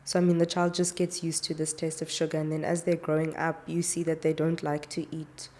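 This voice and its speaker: A woman speaking as a pediatrician guest in a relaxed, chatty way, with plenty of fillers. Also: low-pitched, a little fast. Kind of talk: casual explanatory chat.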